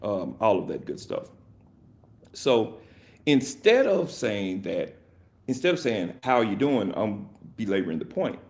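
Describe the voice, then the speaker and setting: A man's voice: on the low side, wildly swooping pitch, measured pace, pauses often, darkish tone. A man hosting a podcast, talking in a casual, rambling and jokey way, correcting himself and laughing often. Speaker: podcast host.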